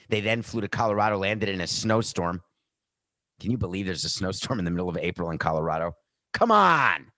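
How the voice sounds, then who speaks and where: Male podcast host, lowish voice, dry close sound, quick jokey sports banter. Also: dry recording. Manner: animated, tangents and jokey asides. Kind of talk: sports betting talk.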